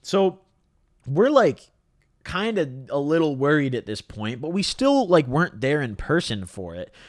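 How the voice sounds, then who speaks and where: Animated young man, slangy storyteller. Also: fairly high pitch, measured pace, no room sound, studio quality. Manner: slangy, animated, lots of "dude" and "bro". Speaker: vlogger telling a story. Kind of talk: casual storytelling to camera.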